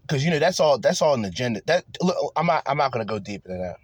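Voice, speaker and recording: A man rants through casual reaction commentary, crude and mocking, with profanity in every other line. His voice sits at a middle pitch. The sound is dry and close, with no room around it. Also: lively intonation, fast talker, few pauses, no room sound. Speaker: commentary podcast host.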